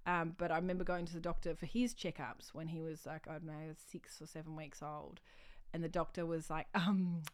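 Comedian guest, woman, lowish voice, self-deprecating storyteller, quick to laugh. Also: flat delivery. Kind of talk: casual interview chat.

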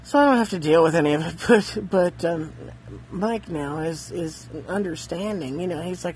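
A man living in a van, telling a rambling story in a casual, halting way, repeating words and laughing often. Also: a little high, a little mellow, slight background noise, low-quality recording.

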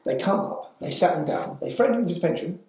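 A man's voice: high-pitched, expressive, fast, darkish tone, very echoey, rough recording. A man telling his story as an interview guest, fervent and pressing, tagging his points with "yeah?". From England. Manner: fervent, tags lines with "yeah?". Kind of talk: heated storytelling.

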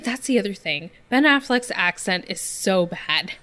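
A woman's voice: mid-range voice, animated, a little slow, crowd noise. A woman co-hosting a podcast, chatting about a movie in a laid-back, wry way. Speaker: podcast co-host. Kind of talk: casual movie review chat.

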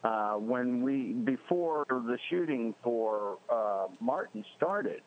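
An older man, a guest actor in a casual interview, speaking slowly and haltingly with many fillers. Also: medium pitch, expressive. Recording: dull lo-fi audio with faint background hiss.

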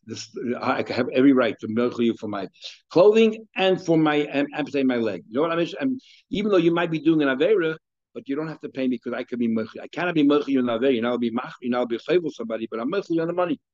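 Male Talmud teacher, conversational lecture, frequent restarts, mellow voice, muffled sound. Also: medium pitch, animated, racing. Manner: mixes Hebrew and Aramaic terms into English explanation. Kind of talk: daily Talmud class lecture.

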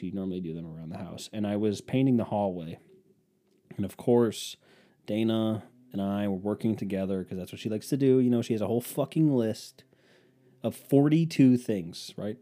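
A man's voice: fairly low pitch, mellow. A man hosting his own podcast, delivering a profane, sarcastic, rambling comedic rant. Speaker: podcast host. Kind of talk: casual comedic monologue.

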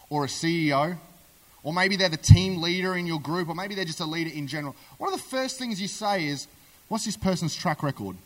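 Brief: conversational preacher, man, slightly high voice, long hall reverb. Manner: animated storytelling, conversational. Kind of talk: sermon. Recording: echoey hall.

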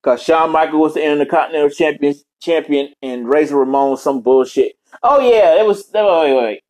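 A man's voice: fairly high pitch, moderate pace, darkish tone. A man ranting casually as a vlogger, swearing heavily and rambling off on tangents. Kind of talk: casual rant.

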